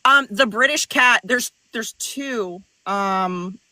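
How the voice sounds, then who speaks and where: A woman's voice: on the high side, slow pace, bright, forceful tone, no room sound, rough recording. A woman co-hosting a live online chat as an author, blunt and self-mocking, swearing freely. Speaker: author and co-host. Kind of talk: casual live-stream chat.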